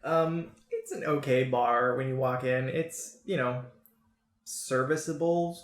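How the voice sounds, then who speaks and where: A man narrating as game master of a tabletop game, relaxed and easygoing. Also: mid-range voice, takes it slowly. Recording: roomy echo.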